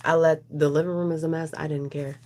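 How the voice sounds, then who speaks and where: A woman's voice: deep voice, little pitch movement, a little fast, warm tone, slight background noise. A woman doing a casual, rambling oracle card reading, chatting with her viewers as she goes. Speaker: tarot reader.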